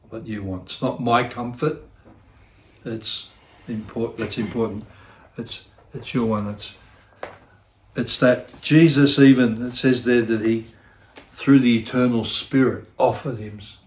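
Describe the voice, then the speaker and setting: Middle-aged male pastor, mid-pitched, earnest and self-deprecating sermon delivery, echoey church room. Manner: earnest, repeats phrases for emphasis, self-deprecating.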